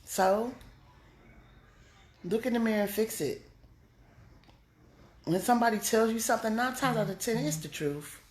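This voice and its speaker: A woman delivers a preachy motivational monologue, blunt and scolding, her voice leaping up high on the points she hammers. She sounds like she is in a roomy, echoing space. A faint noise sits under her voice. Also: normal speed, long pauses, darkish tone. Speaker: comedian giving a motivational talk.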